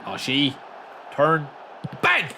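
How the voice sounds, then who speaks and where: A man with an Irish accent from the south of Ireland, casually commentating a football game on stream and chatting with viewers, breaking into excited shouts. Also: fairly high pitch, extremely slow, slight background noise.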